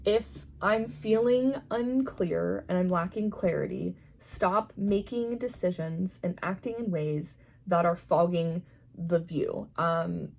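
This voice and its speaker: A young adult woman talking casually in a vlog, chatty and quick to laugh, with lots of fillers. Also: mid-range voice, creaky, darkish tone. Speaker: tarot shop owner and vlogger. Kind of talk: casual chat.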